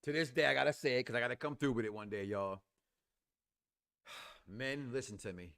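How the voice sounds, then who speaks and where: A man co-hosting a casual review show, loud and playful, crude jokes, acting out the characters as he recaps. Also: medium pitch, fairly quick.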